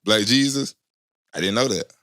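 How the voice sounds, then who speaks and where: A man's voice: lowish voice, moderate pace, fairly bright tone, dry recording, clean studio sound. A man hosting a podcast, trading loose, slang-heavy banter and laughing often in casual chat.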